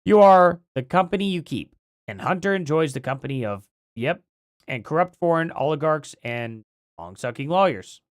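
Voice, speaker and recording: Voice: mid-range voice, expressive, moderate pace, no echo, studio quality. A livestream host rambling casually through commentary, thinking aloud, with a voice that is starting to go.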